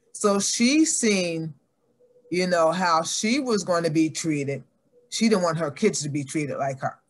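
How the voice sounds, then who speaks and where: An older woman, a guest athlete, telling her life story earnestly and acting out her family's voices. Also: low-pitched. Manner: animated, acts out family members' voices in her stories.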